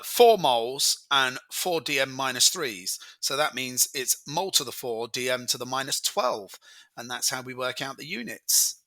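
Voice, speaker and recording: A man's voice: mid-range voice, sharp tone, dry recording. A man tutoring chemistry, talking casually through exam questions as he works them out aloud. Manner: chatty, talks through working aloud. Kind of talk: exam walkthrough lesson.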